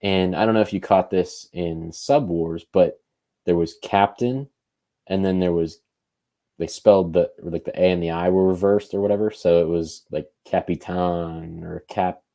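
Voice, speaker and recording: A man's voice: low-pitched, fairly even intonation, moderate pace, warm tone. A man co-hosting a podcast, thinking aloud in loose, casual conversation. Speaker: podcast co-host.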